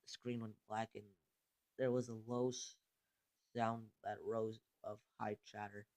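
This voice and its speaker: Low-voiced man reading haltingly. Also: little pitch movement, a little mellow, dry recording. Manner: halting reading with frequent stumbles and restarts. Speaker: narrator. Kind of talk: creepypasta reading.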